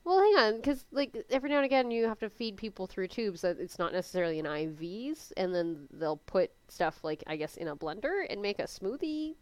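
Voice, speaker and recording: A young woman in a casual podcast chat, chatty and excitable, talking with lots of fillers. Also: medium pitch, brisk, hardly any pauses, no room sound. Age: young adult. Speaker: podcast co-host.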